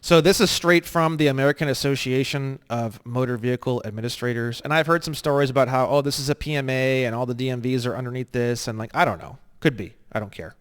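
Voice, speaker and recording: A man teaching an online course in a crude, joking way, swinging between low muttering and loud, excited rants. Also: fast talker, hardly any pauses, clean tone. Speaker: online legal course instructor. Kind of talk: profane, rambling screen-share lesson.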